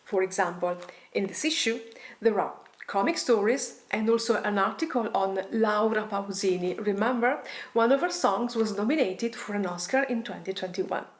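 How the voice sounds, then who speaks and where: A woman's voice: medium pitch, normal speed. A woman teaching a language lesson, reading example phrases aloud and then translating and explaining them. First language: Italian.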